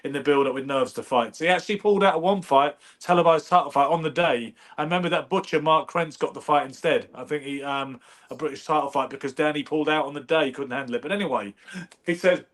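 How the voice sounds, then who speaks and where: A man telling stories in casual conversation, animated and anecdotal. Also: a little high, fast talker. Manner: animated, anecdotal, does brief impressions. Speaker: podcast host.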